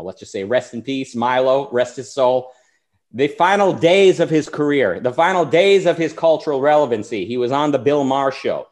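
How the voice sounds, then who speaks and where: A man hosting a talk show, delivering an argumentative political monologue and acting out the people he quotes. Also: medium pitch. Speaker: show host.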